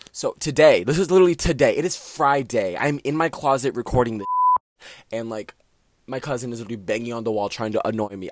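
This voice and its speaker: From a small closet, a teenage boy hosts his own solo podcast, rambling casually and animatedly with lots of filler words. His voice is medium-pitched, and there's no room sound.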